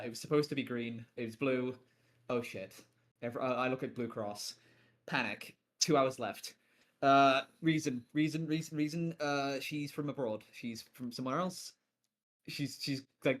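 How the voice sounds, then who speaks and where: Man on a call, mid-range voice, animated and self-deprecating, casual swearing. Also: medium pitch. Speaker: panelist on a roleplay Q&A stream. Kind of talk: casual chat.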